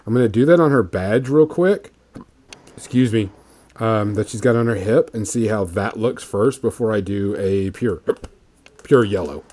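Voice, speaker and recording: A man hosting a casual podcast, chatting in a relaxed, rambling way with plenty of fillers while he paints miniatures. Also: on the low side, normal speed, a little hiss or hum.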